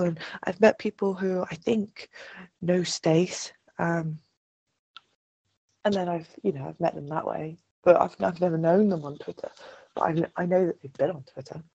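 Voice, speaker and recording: Husky gravelly woman, rambling hesitantly; dry dull audio. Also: on the low side, warm tone. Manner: rambling, hesitant with many fillers. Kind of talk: casual chat.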